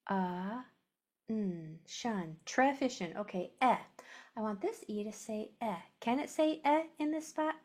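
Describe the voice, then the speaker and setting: A woman's voice: fairly high pitch, darkish tone. A woman teaching a phonics lesson to a class, sounding out letters and syllables, often dropping to a whisper.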